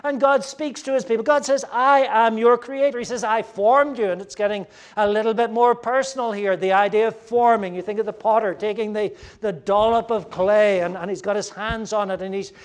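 Earnest high-voiced male preacher. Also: fairly even intonation, fairly quick, hardly any pauses. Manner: earnest and emphatic, swinging between loud stresses and hushed asides. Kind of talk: sermon. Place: room with a gathered audience.

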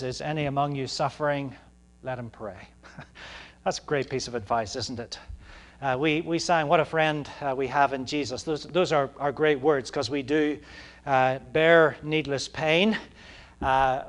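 Brief: male pastor, slightly high voice, chatty sermon delivery that swells into fervent stretches. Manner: conversational, full of fillers, rising to passionate emphasis.

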